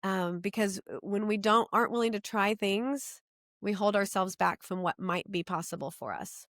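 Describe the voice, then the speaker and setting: A middle-aged woman shares her own story as a guest, earnest and animated as she talks. Her voice sits at a middle pitch, and the sound is close and dry with no room echo. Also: normal speed. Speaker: podcast guest. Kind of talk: personal storytelling in conversation.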